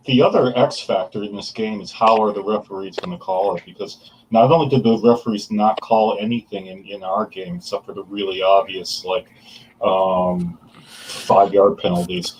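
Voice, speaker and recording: A lower-voiced man hosting a casual sports talk show. He is blunt, swears freely and laughs often, with faint background hiss behind him. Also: steady tone, moderate pace, darkish tone, poor audio. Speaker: host.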